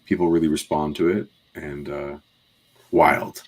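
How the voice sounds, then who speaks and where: A man's voice: very deep voice, little pitch movement, a little slow. A man co-hosting a podcast, casually recapping scenes in detail with plenty of "um"s and asides. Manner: detailed, rambling recap with many fillers. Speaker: podcast co-host.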